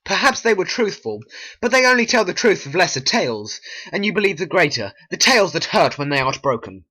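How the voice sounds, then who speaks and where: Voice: mid-range voice, very animated, a little fast, pushed and bright. A hobby voice actor voicing a wary young nobleman in a homemade stop-motion play, with a raised, questioning delivery. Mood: doubting. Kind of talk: homemade animation voice acting.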